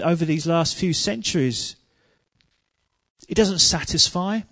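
A man preaching a sermon, telling humorous stories and growing loud and emphatic. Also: a little high, no room sound.

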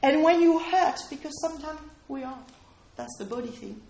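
A woman's voice: high voice, moderate pace, dark tone, roomy sound. A woman preaching a sermon in a conversational way, often checking in with listeners and asking them questions. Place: room with a small responding audience.

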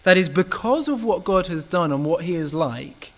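A man delivers a sermon in a church with earnest emphasis. His voice sits a touch higher than most men's, and he leans hard into key phrases, occasionally restarting a word. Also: animated, normal speed. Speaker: preacher.

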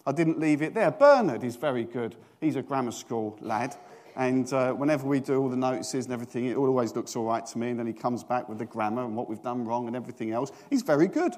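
A man's voice: mid-range voice, lively intonation, quick pace, a little mellow. A middle-aged British man preaching a chatty storytelling sermon, self-mocking and asking the congregation questions. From Britain.

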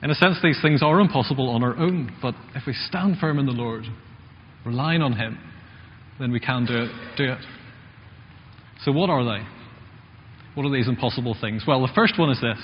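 A man's voice: medium pitch, normal speed, long pauses, slight background noise. A man preaching a sermon in a church, talking in a conversational way and asking the congregation questions. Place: church hall. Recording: muffled church recording with long reverb.

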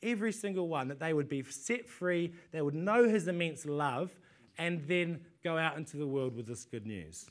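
High-voiced man preaching a sermon. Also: animated, normal speed. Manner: conversational, repeats words, asks rhetorical questions.

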